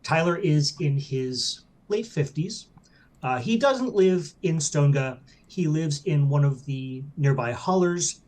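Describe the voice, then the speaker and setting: A man playing in a tabletop game, describing his character in a relaxed, hesitant way with fillers. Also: fairly high pitch, measured pace. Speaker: player. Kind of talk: casual chat describing a character.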